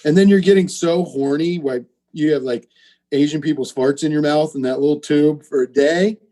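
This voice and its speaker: A man's voice: a little high, moderate pace. A man telling rambling jokes in casual comedic banter, swearing freely. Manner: rambling, animated, swearing, jumps into mock voices.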